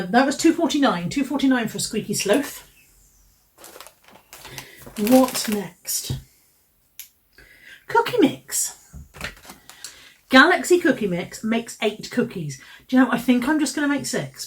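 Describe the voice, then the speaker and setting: A woman talks through her shopping in a chatty, rambling way, often joking at her own expense. Her voice sits at a middle pitch. The mic is a little distant, so she sounds slightly set back. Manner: chatty, self-mocking, rambling. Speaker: vlogger. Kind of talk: casual haul chat. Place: home, indoors.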